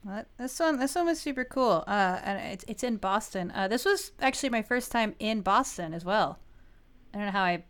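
A woman's voice: mid-range voice, expressive, moderate pace, a bit bright. A woman in her thirties co-hosting a podcast, telling a story in a giggly, rambling way, full of "like"s. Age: 30s. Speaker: podcast co-host. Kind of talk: casual chat.

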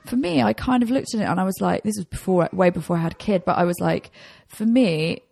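A woman's voice: medium pitch, fast, creaky, a little mellow, slightly rough, no echo. A British woman chatting casually as a podcast guest, rambling and self-deprecating, with frequent laughs. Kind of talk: casual chat.

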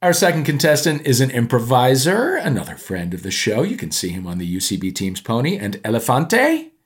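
A man hosting a comedy podcast game show, playful and animated, his voice jumping up for emphasis. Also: mid-range voice, brisk.

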